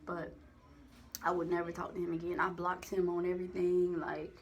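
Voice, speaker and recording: A young woman telling a personal story to the camera in a candid, profane, animated way, acting out the voices in her quotes. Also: lowish voice, moderate pace, muffled recording. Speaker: vlogger. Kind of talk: casual storytime monologue.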